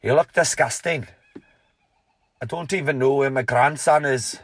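A man's voice: mid-range voice, measured pace, no room sound, voice pushed up. A man voicing his stern old Scottish grandfather with a blunt, scolding manner and a Scottish accent.

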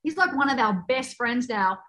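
A woman guest chatting casually and telling a travel story, laughing easily between quick asides. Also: fairly high pitch, expressive, a bit bright, poor audio. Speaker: guest, author and fitness program creator. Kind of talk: casual storytelling in a podcast chat.

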